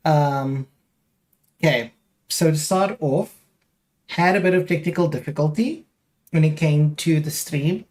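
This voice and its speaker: A man's voice: a little high, unhurried, long pauses, darkish tone. A young man chatting casually on a live stream, rambling with lots of fillers as he talks straight to his viewers.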